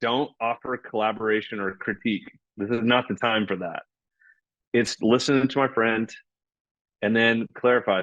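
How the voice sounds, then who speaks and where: Male podcast guest, low voice, animated explainer, dry muffled recording. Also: normal speed, dry recording. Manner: animated, acts out dialogue. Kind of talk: conversational explanation.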